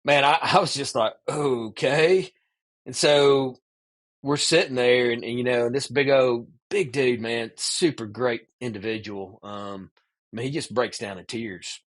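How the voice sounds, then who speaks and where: Man, podcast guest, animated storyteller, mid-range voice, loose and chatty. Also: medium pitch, normal speed. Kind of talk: casual storytelling interview.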